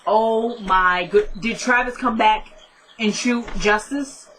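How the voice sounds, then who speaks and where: A young woman recapping a TV episode in a casual vlog, chatty and excitable, rambling with lots of "like"s. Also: a little high, slow pace, slight background noise. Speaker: TV show reviewer.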